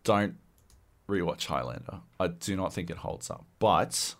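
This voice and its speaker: On a laid-back podcast, this co-host uses a low voice at a measured pace while he goes off on a profane, animated rant.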